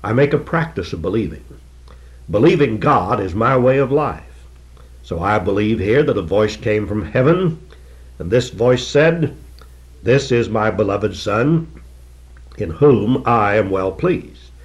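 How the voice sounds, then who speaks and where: Older male preacher, lowish voice, emphatic and earnest sermon delivery with slow stresses. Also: lively intonation, lo-fi sound.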